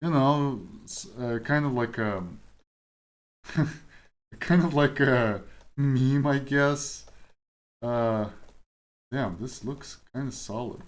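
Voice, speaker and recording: Slow-talking young man chatting while coding. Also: mid-range voice. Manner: rambling, self-interrupting, laughs often. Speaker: streamer. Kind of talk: casual chat while coding.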